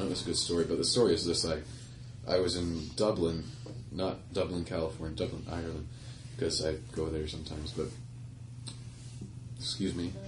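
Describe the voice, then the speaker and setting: A man's voice: low voice, background noise. A male singer-songwriter telling a rambling anecdote between songs, with laughs and self-corrections, in front of a live audience. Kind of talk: stage banter and storytelling. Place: live music venue with audience. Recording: echoey live room from far off.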